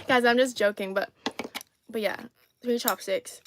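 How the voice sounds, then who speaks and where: Young woman, China-born live-stream host, raised pitch, cheeky and playful, chatting over her meal on a phone mic. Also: noisy background. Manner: sassy, playful, teasing, laughs often. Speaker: livestream host. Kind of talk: casual live-stream chat while eating.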